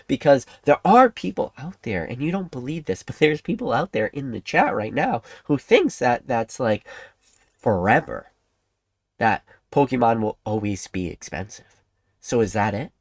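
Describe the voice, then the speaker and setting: A man hosting a livestream, ranting excitably to his chat, laughing often and swinging between loud outbursts and hushed asides. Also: mid-range voice, normal speed, no room sound. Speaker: livestream host.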